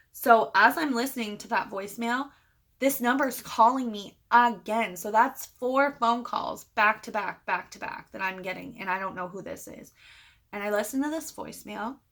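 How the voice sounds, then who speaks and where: A woman's voice: mid-range voice, moderate pace. A woman vlogger casually telling a personal story to camera and acting out the other people's lines as she goes. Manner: animated retelling, quoting others.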